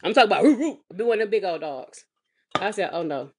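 A woman vlogging as a mother, telling a comedic, exasperated story with sassy, animated delivery and big swings in pitch. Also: fast. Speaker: mother of a kindergartner. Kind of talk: comedic storytelling vlog rant. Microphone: phone or webcam vlog.

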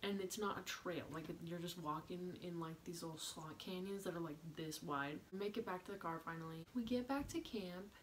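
A young woman recounts a trip in a casual story-time vlog, talking in a bubbly, rambling way and filling her sentences with "like." Her voice sits a little low for a woman. A faint hum of room ambience sits under her speech. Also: moderate pace, hardly any pauses. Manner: chatty, animated, heavy use of "like". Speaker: vlogger.

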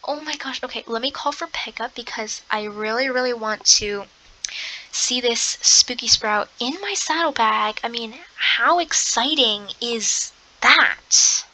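A young woman commenting on her game play, excitable, gasping often and slipping into soft half-whispered asides. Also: a little high, unhurried, a little hiss or hum, poor audio. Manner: excitable, gasping, lots of exclamations. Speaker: gamer.

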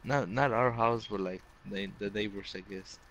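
A man's voice: lowish voice, normal speed, fairly bright tone, highs cut off, slight background noise. A young man telling rambling childhood stories to friends in casual chat, full of swearing and fillers. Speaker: storyteller among friends.

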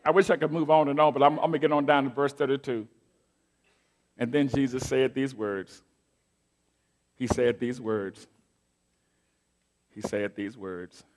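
A middle-aged man preaching a sermon as pastor, moving from quiet asides to loud declaimed scripture and calling out to his congregation. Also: mid-range voice, fairly even intonation, unhurried, pauses often. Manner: call-and-response preaching, swings from soft asides to loud declaiming. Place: church sanctuary.

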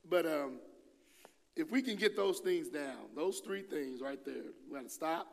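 A man preaching a sermon in a relaxed, conversational way, acting out quoted voices with casual slang. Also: fairly high pitch, a little fast, in a large hall. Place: church hall.

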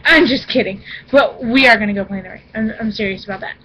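A young woman vlogging at home in an excited, playfully dramatic way, often squealing. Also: fairly high pitch, fast talker, slight background noise, poor audio. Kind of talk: excited casual vlog. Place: indoors at home.

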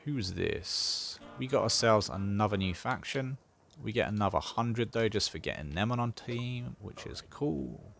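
Low gravelly man playing a game. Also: lively intonation, unhurried, a bit bright. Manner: chatty, thinks aloud while playing, dry sarcasm. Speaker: gaming channel host. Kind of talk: casual gameplay commentary.

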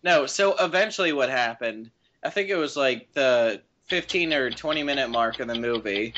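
Man, podcast co-host, bright forceful voice, dull lo-fi mic with faint hiss, rambling jokey stories. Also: mid-range voice, lively intonation, moderate pace. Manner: rambling storyteller, laughs often, crude jokes. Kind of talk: casual podcast chat.

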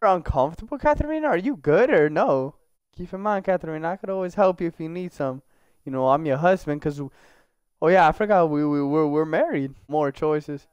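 A man's voice: fairly high pitch, moderate pace, darkish tone, clean tone, dry recording, lo-fi sound. A young man giving casual, slangy gameplay commentary, joking and talking to the characters in his game. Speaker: gaming YouTuber.

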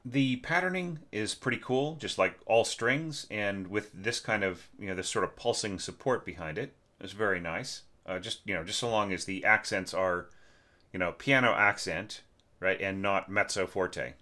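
Male orchestration teacher, low voice, stuffed-up and throat-clearing, chatty score review with a sharp edge. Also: normal speed. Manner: conversational, many fillers and tag questions. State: congested, clearing his throat. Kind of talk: casual spoken score critique.

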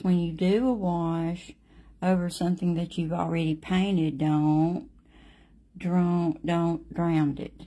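A woman's voice: lowish voice, dark tone. A middle-aged woman, teaching a live watercolor lesson and chatting with viewers by name. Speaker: watercolor painting instructor.

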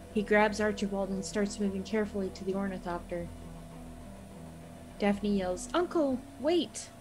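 A woman reading a recap of a tabletop game session as a player, with a steady, even storytelling manner. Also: mid-range voice, low-quality recording. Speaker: player recapping the last episode.

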